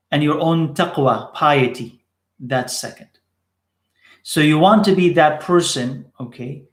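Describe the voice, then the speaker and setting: A man's voice: on the high side, roomy sound. A man teaching in a live question-and-answer session, repeating short phrases for emphasis.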